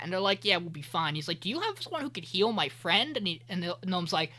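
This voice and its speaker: A man hosting an anime podcast, recapping an episode in a loose, profane way and quoting characters in quick voices. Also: high-pitched, big pitch swings, sharp tone. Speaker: podcast host.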